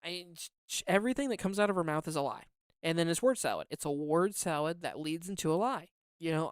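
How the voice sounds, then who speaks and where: Heated podcast co-host, smooth dry voice. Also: mid-range voice, quick pace, no room sound. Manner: heated, indignant ranting; repeats words for emphasis. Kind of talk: political commentary chat.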